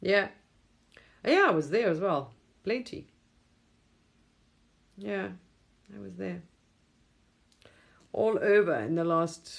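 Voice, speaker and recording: A creaky, lowish female voice belongs to a middle-aged Englishwoman hosting a laid-back late-night livestream on her phone. She meanders through her talk, chuckles often, and does impressions when quoting others.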